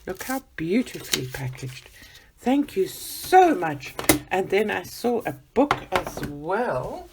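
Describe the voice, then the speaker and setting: A woman chatting excitedly as she unboxes gifts for her vlog, gushing and gasping with delight. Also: mid-range voice, slow pace, very noisy.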